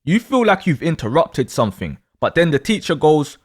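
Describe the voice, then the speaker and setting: A man telling a dramatic second-person story, in an animated way. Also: on the high side, moderate pace. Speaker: astrology storyteller.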